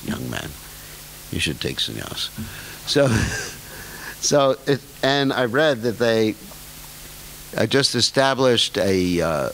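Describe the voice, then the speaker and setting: Older man lecturing, lively pitch. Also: poor audio. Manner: humorous, self-deprecating asides with chuckles; slows and stretches key words for emphasis. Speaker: spiritual teacher giving a scripture class. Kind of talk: scripture lecture. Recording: faint hiss in lecture recording.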